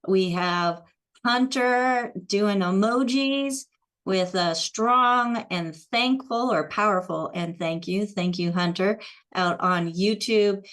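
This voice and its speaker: A woman's voice: mid-range voice, slow pace, a bit bright. A woman hosting an online show, upbeat, reading out viewer comments. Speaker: host.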